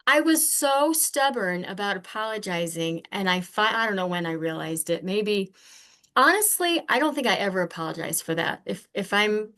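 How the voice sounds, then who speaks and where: An older woman who is a podcast guest, telling earnest personal stories in a candid, animated conversational way. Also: mid-range voice, moderate pace. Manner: earnest, animated, acts out remembered exchanges.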